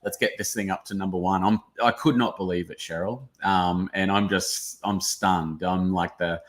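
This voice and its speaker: Gushing Australian male author beaming in by video call, lowish voice, wears his heart on his sleeve. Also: fairly even intonation, moderate pace. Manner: effusive, emotional, gushing. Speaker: author guest.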